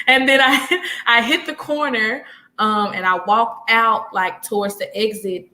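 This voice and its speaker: On a talk show, a young woman in her twenties appears as a guest and chats casually at a moderate pace. Her mid-range voice carries lively stories full of acted-out quotes and frequent laughter. The audio is poor.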